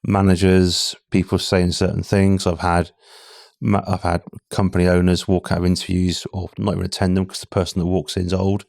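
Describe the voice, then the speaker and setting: A man from the UK talks frankly as a podcast guest, his voice very low with a gravelly, fry-laden edge. The recording is dry and close. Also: completely flat delivery, a little fast, a little mellow, no room sound. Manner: candid, conversational, frequent restarts. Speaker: podcast guest, talent acquisition head. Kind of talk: casual interview chat.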